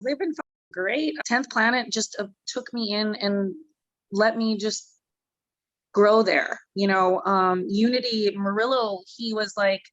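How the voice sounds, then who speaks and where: A woman's voice: medium pitch, a little slow, no echo, highs cut off. A woman MMA fighter in a casual interview, rambling, candid and swearing freely.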